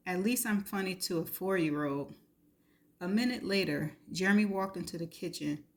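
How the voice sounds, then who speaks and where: A woman reading a novel aloud in the first person, steady and intimate. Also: lowish voice, normal speed. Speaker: reader.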